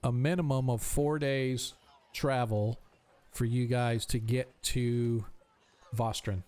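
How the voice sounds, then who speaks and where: Man, game master, smooth clear voice, thinking aloud with ums, tabletop session. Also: medium pitch, fairly even intonation, takes it slowly, a little mellow.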